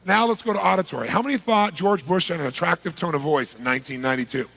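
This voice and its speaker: A man giving a live seminar talk to a large audience, energetic and punchy, polling the crowd with quick questions. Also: a little high. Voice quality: gravelly, husky. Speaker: seminar speaker.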